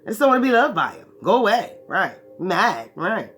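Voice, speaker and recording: A woman's voice: medium pitch, sing-song, moderate pace, fairly bright tone, faint music behind. A woman teaching spiritual ideas to her followers in a profane, emphatic monologue, often checking in with "right". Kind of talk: preaching monologue.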